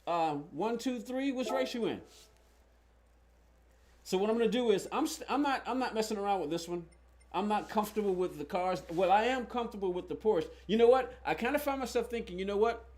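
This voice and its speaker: High-voiced man rambling through a game stream. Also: lively intonation, a little fast, darkish tone. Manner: rambling, talks to viewers, thinks aloud. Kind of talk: casual live-stream chat while playing.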